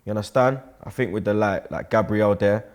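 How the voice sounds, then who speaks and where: A man's voice: lowish voice, fairly quick. London man, slang-heavy football banter. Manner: heavy slang, keeps asking "you get me", laughs often. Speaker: regular pundit.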